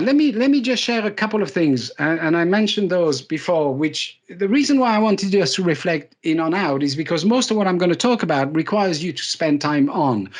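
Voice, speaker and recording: Male keynote speaker, slightly higher register, animated storyteller with dry self-mocking jokes. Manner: lively storytelling, self-deprecating humour, repeats words for emphasis. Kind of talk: live leadership talk.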